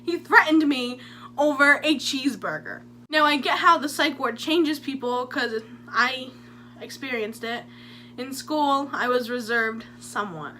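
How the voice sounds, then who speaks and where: A woman's voice: sits high, unhurried, sharp tone, a little hiss or hum. A young woman telling her own stories in a chatty, jokey story-time vlog. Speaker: vlogger.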